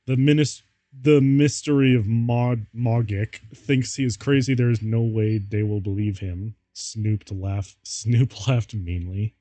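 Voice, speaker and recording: A man's voice: mid-range voice, steady tone, takes it slowly, dark tone, no echo, dull audio. A male streamer reading fan fiction aloud, amused and laughing often.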